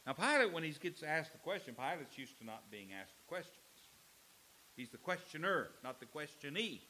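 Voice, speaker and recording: A man preaching a sermon in an animated way, acting out quotes with voices. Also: a little high, normal speed, a little hiss or hum. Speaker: pastor.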